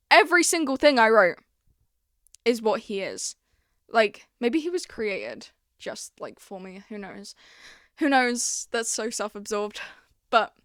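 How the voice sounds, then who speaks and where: A young woman hosts her own podcast in a loose, confiding chat, dramatizing her stories as she tells them. Her voice sits a little high. The sound is dry and close, with no room around it. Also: fairly bright tone, no echo. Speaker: podcast host. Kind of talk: casual chat.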